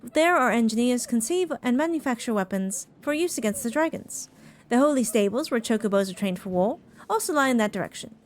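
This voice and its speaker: A woman's voice: on the high side, lively intonation, a little fast, slight background noise, close to an everyday voice. A woman reading a courteous, formal city guide. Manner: stately, courteous narration of a tour.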